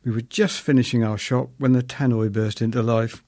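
A man's voice: mid-range voice, steady tone, brisk, darkish tone, no room sound, clean studio sound. An older man reading his own humorous first-person story in a wry, self-mocking and grumbling manner.

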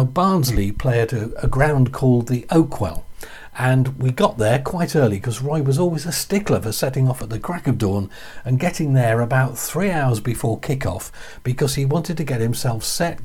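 A man with a Yorkshire accent, chatting through a lively anecdote as a guest. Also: medium pitch, breathy edge. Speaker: guest storyteller. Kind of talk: casual anecdote.

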